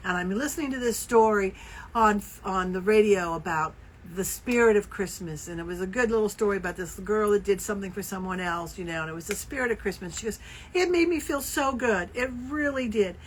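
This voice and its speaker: A woman co-hosting a casual knitting podcast, telling stories with lively acted-out quotes. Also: mid-range voice, a little fast, a little hiss or hum, poor audio. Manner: animated storyteller, acts out quoted voices. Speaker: podcast co-host. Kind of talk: casual chat.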